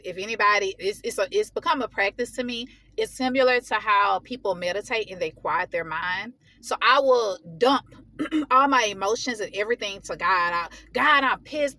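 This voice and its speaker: A woman telling a personal story in a casual vlog, venting heatedly in slangy, animated talk. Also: mid-range voice, no echo. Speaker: vlogger.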